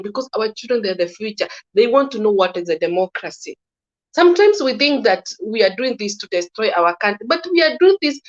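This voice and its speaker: A woman with a Kenyan accent giving casual political opinions in halting speech, with many restarts and repeated words. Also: medium pitch. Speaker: guest commentator. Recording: slightly dull lo-fi recording.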